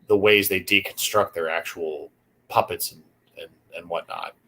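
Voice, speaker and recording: Low-voiced joking man co-host. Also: normal speed, sharp tone. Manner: joking, hesitant with ums. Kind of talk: casual chat.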